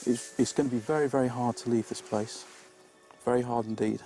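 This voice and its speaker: A man reflecting in an interview, halting and repeating his words. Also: mid-range voice, fairly even intonation, dark tone, soft background music. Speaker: documentary participant.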